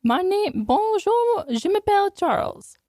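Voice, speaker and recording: A woman's voice: sing-song, a little slow, warm tone, dry recording, studio quality, exaggerated voice. A woman voicing her small dog as a playful French speaker with an exaggerated fake French accent. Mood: silly. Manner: squeaky high playful cartoonish French.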